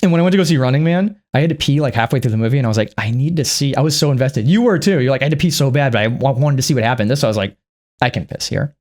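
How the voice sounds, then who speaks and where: A man giving a casual, rambling and profane movie recap, acting out the characters in squeaky put-on voices. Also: animated, very fast, hardly any pauses, darkish tone. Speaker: movie reviewer.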